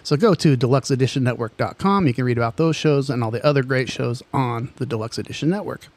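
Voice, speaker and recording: A man co-hosting a casual podcast, reading plugs in lively banter. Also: mid-range voice, fast. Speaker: podcast co-host.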